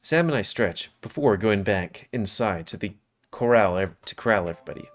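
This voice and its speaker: A man's voice: fairly low pitch, animated, moderate pace. Man reading a visual novel aloud. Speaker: game reader.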